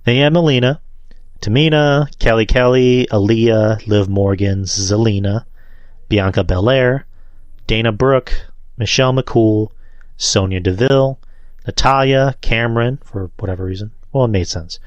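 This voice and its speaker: A man's voice: lowish voice, measured pace, no room sound, lo-fi sound. A man hosting a wrestling podcast, reviewing matches in a loose, rambling way and swearing freely. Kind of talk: casual solo show review.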